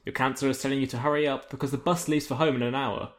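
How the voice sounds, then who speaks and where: A man's voice: mid-range voice, steady tone, racing. A man hosting a podcast who reads an adventure gamebook aloud and chats between passages. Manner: chatty, laughs easily. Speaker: host reading a gamebook. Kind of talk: casual podcast narration.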